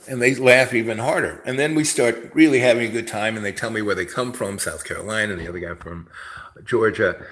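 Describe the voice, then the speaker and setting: A man's voice: on the low side, brisk, fairly bright tone, roomy sound, poor audio. A man hosting a rambling, chatty monologue and telling stories. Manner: chatty, storytelling, mimics others in raised voice. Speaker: host.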